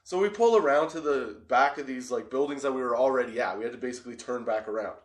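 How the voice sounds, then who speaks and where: A man's voice: medium pitch, fast, reverberant. A young man hosting a comedy podcast, telling a story with lots of swearing and frequent laughter. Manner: animated, laughs often, swears freely. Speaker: podcast host.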